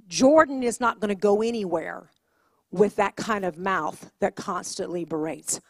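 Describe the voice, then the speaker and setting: A middle-aged woman giving a storytelling sermon in a church, emphatic and animated, acting out quotes as she goes. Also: a little high, dry recording. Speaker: guest speaker at church. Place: church sanctuary.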